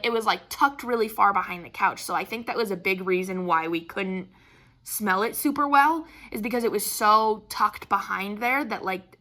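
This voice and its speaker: A young woman hosting a casual craft-channel chat, telling a story in an animated way and swearing freely. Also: medium pitch.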